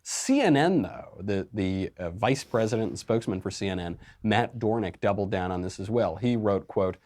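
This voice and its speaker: A man's voice: on the low side, animated, moderate pace, hardly any pauses, darkish tone. A man giving political commentary in a wry, lecturing way.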